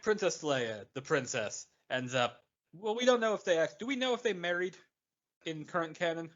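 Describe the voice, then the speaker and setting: A man co-hosting a podcast, chatting casually with animated joking asides. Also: on the high side, normal speed, highs cut off. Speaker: podcast co-host. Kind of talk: casual comedic chat.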